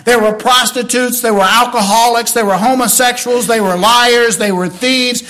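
An older man, preaching from the pulpit. His voice sits high for a man and rings bright. He swings from loud, shouted lines down to soft, hushed storytelling. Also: fairly even intonation, moderate pace. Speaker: pastor. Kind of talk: sermon.

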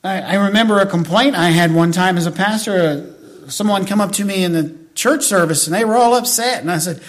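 Guy preaching, kinda high voice for a man, homey storytelling, then gets loud and fired up. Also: brisk. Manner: folksy storytelling that builds to emphatic preaching; asks the congregation for agreement. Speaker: pastor. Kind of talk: sermon.

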